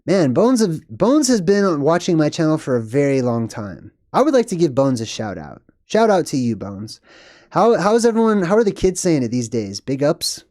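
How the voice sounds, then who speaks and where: A young man hosts a casual live stream and rambles as he reads the chat, often laughing at himself. His voice sits a little high and sounds mellow. It is recorded close and dry at a desk. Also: very animated, normal speed, no room sound.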